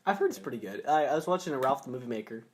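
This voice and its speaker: A man's voice: medium pitch, sing-song, very fast. A man hosting a casual podcast chat, joking and breaking into put-on voices. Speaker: podcast host.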